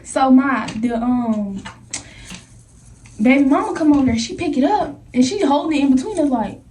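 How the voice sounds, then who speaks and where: High-voiced young woman telling a story animatedly. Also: normal speed. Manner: animated, acts out scenes, heavy slang. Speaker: vlogger. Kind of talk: casual storytime. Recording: echoey room, voice from a distance.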